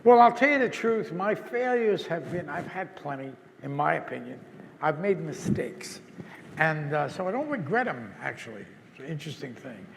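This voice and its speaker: An older man speaking as an interview guest, reflective and halting, often repeating words as he searches for his thought. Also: on the high side, very animated, gravelly, long reverb tail, noisy background. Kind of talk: reflective conversation.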